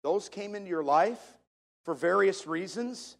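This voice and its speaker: A man's voice: high-pitched, animated, a little slow, vocal fry. A man preaching a sermon to a congregation, repeating key phrases for emphasis in a preacher's cadence. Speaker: pastor.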